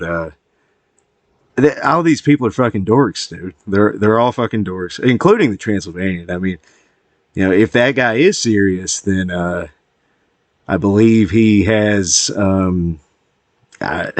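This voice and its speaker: A man giving casual, meandering commentary to his viewers, swearing often and filling pauses with "uh" and "like.". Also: fairly low pitch, no echo. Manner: profane, meandering, heavy with fillers. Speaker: YouTube commentator.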